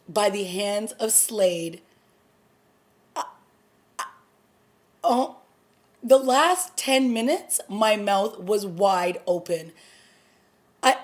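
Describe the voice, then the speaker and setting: A woman talks to her viewers in a casual review vlog, pitched in an ordinary middle range. She gushes with a breathless edge and trips over restarts. She retells each scene in animated detail. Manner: gushing and breathless, stumbling restarts. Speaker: TV episode reviewer.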